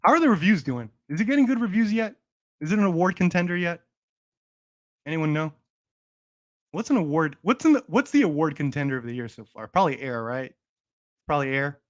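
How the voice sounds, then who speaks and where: A young man hosting a casual livestream jokes around playfully and mock-boastfully, addressing his chat directly. His voice is on the high side and animated, fairly quick, with long pauses.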